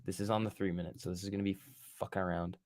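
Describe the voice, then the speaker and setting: A man's voice: low voice, level tone, very fast, darkish tone, dry recording, studio quality. A man hosting a live day-trading stream, giving casual, profane, joking commentary and bantering with his chat. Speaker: day trading livestream host.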